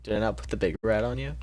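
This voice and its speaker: A man's voice: lowish voice, darkish tone, no echo. A young man casually commenting on his own gameplay, joking and exclaiming as he goes. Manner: jokey, exclaiming, talking to himself. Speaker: streamer.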